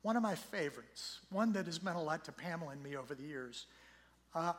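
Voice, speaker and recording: Slightly hoarse middle-aged pastor, kinda high voice, chatty storytelling sermon, big echoey church hall. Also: male voice, brisk. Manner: conversational, storytelling preacher who swells loud for scripture. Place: church sanctuary. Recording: long church hall reverb.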